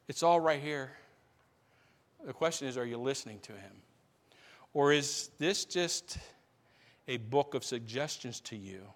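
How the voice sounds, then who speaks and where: A male pastor preaching a sermon to his congregation, building to loud repeated questions. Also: medium pitch. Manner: preaching with rising, shouted questions. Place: church sanctuary. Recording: long reverb of a large hall.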